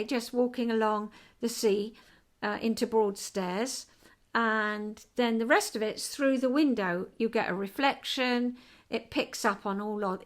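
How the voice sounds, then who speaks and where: An older woman chats to her viewers from home in a casual vlog. Her voice sits a little high and she takes her time. She rambles and gets excited easily. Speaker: vlog host.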